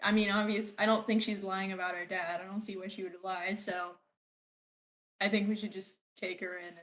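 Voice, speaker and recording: A woman's voice: mid-range voice, little pitch movement, brisk, fairly bright tone. A young woman playing a tabletop game, casual and giggly, with many hesitant ums. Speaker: player.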